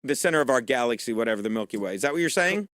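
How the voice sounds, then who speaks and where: A man's voice: medium pitch, lively intonation, very fast, a bit bright, no echo. A man hosting a comedy talk show, joking and skeptical, laughing along as he questions his guest. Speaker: host.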